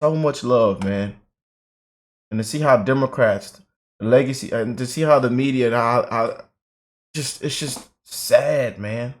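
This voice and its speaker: A man's voice: mid-range voice, moderate pace. A man hosting a political commentary channel, emotional and repetitive, filling his talk with "man" and "you know".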